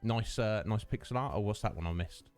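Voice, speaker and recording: A man's voice: lowish voice, a little fast, darkish tone, faint music behind. A man, chatting casually with his livestream viewers, greeting them by name and laughing often. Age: 30s. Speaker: streamer.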